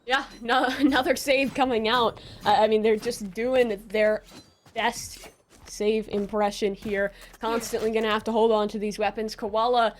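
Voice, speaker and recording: A woman breaks down an esports match in a steady, measured, analytical way. Her voice sits somewhat high. A faint noise floor sits behind her. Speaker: esports color caster. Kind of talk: analytical game commentary.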